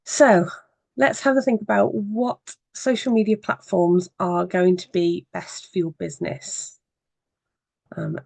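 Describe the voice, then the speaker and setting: Gravelly-voiced social media trainer. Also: medium pitch, darkish tone, no room sound. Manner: conversational, explanatory teaching with frequent pauses. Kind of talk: evening workshop presentation.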